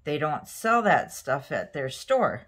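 A woman nail art vlogger chatting casually while doing her nails, telling a rambling story with lots of fillers and sometimes dropping to a soft near-whisper as she works. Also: deep voice, big pitch swings, slow pace, husky.

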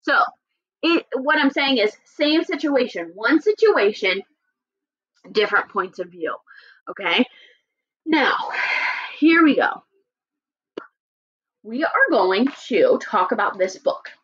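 A woman teacher giving a lesson and reading a story aloud, animated and often checking in with her listeners. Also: on the high side, slow, pauses often, husky, highs cut off. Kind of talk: classroom lesson and read-aloud.

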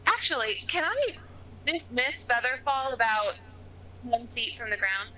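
A woman's voice: a little high, expressive, a little slow, sharp tone, a little hiss or hum, rough recording. A woman playing a tabletop game, asking the game master direct, decisive questions. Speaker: player.

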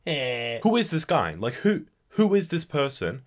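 Young guy roasting cringe memes, voice jumps all over, sarcastic and loud at times. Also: medium pitch, moderate pace, few pauses. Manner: mocking, animated, bursts into loud outbursts and voices. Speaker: comedy commentary host. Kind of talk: sarcastic meme commentary.

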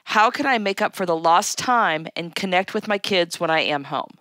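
A woman co-hosting an advice show reads listener questions aloud in a light, wry way. Her voice is bright and a little tense, recorded close and dry in a studio. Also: lowish voice, lively intonation, moderate pace, no room sound. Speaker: co-host reading listener questions. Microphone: studio mic.

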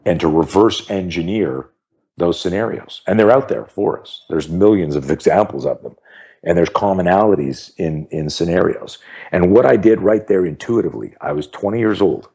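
A man in his fifties with a very deep voice tells a story as a podcast guest. He is an animated, emphatic speaker who hammers his points home by repeating phrases and briefly takes on the voices of the people in his anecdotes. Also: normal speed, breathy edge. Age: 50s. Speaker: self-defense instructor and podcast guest. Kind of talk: storytelling in an interview.

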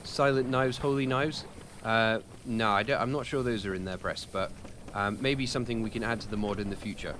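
A young British man with a fairly low voice talks casually to his live chat while he plays. He rambles, restarts his sentences and teases himself between questions. There is a faint hum behind him. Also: steady tone, brisk, a bit bright. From United Kingdom. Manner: rambling, self-deprecating, answers chat questions with many fillers. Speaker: gaming streamer. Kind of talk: casual live-stream commentary while playing.

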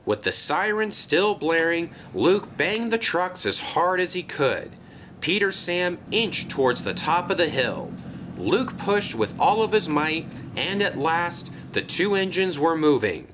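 A man narrating a children's toy-train tale with a lively, expressive voice that rises and falls a lot. His pitch sits a bit higher than most men. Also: measured pace, noisy background. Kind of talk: storybook narration.

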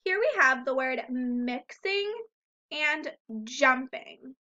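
A woman leads a recorded phonics lesson for first graders, speaking very slowly and sounding out each word and syllable. Her voice is high and bright. The recording is dull and lo-fi. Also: lively intonation. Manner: slow, deliberate, sounding out words and syllables.

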